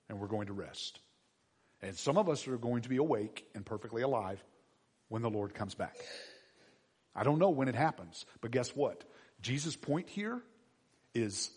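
Guy preaching a casual sermon, kinda husky, goes quiet then suddenly loud. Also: medium pitch. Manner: conversational, swings between quiet asides and loud emphatic bursts. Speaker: pastor. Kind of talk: sermon with scripture reading.

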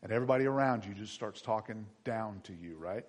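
Husky, animated male pastor. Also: fairly low pitch, brisk. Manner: animated, swings between hushed and loud emphasis. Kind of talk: children's sermon.

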